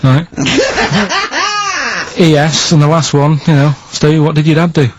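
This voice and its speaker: A man who is a regular on a radio show, talking in a flat, halting, matter-of-fact way. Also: fairly high pitch, dull audio, very noisy. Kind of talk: casual radio banter. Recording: dry studio mic.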